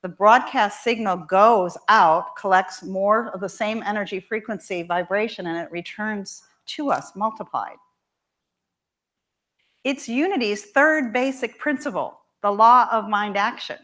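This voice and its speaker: A woman minister preaching a sermon in a church, emphatic and expressive, repeating key lines slowly for weight. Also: medium pitch. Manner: emphatic and expressive, with measured repetition. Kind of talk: sermon with storytelling. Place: church sanctuary.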